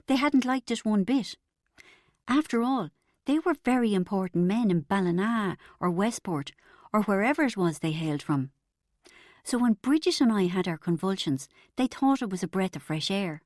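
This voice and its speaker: A woman's voice: medium pitch, animated, moderate pace, darkish tone, no echo, clean studio sound. A woman reading a comic novel aloud as an audiobook narrator, in a wry storytelling manner.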